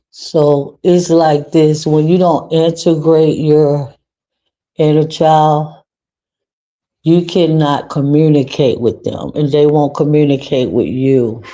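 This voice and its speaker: A woman's voice: sits low, mellow, lo-fi sound. A woman hosting a casual livestream monologue, speaking earnestly and repeating phrases for emphasis. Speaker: livestream host.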